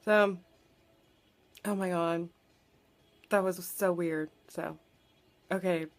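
A young woman talks straight to her camera, retelling a film in a loose, rambling way, leaning on filler words and the odd swear. Her voice sits a little lower than most women's. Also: steady tone, slow pace. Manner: chatty, filler-heavy retelling with lots of "like" and swearing. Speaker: vlogger. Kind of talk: casual movie recap.

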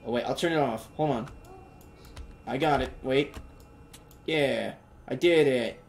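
A young man doing joking let's play commentary, reacting loudly and talking in slang. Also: mid-range voice, unhurried, vocal fry, a little hiss or hum. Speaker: gamer.

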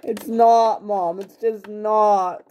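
A woman voicing a panicking young man about to become a father, frantic and high-strung in a toy-figure home drama. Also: fairly even intonation, drawn-out words, muffled recording, a little hiss or hum. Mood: despairing.

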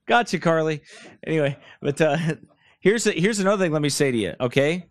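A man's voice: on the high side, lively intonation, a little fast, no room sound. Blunt, mocking male preacher, dry sound. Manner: blunt, mocking, digressive preaching with put-on quoted voices. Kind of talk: sermon. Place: church room, speaker seated.

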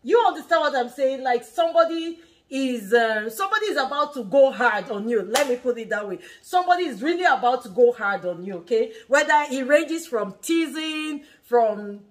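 High-voiced animated Nigerian woman. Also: moderate pace. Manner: animated, laughs often, repeats and restarts phrases. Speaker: family vlog host and mother. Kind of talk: casual teaching chat.

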